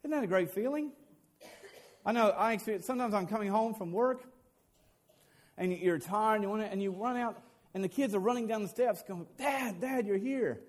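A man's voice: sits high, fairly quick, pauses often. A man preaching a sermon as a pastor, earnest, often repeating words as he builds a point.

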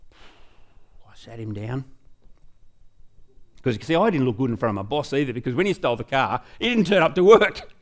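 An Australian man giving a testimony in a rambling, chatty way. His voice rises and falls a lot as he goes along. He keeps coming back to his story with "anyway". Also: a little high. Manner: animated, chatty, trails off with "anyway". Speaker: speaker at a church talk.

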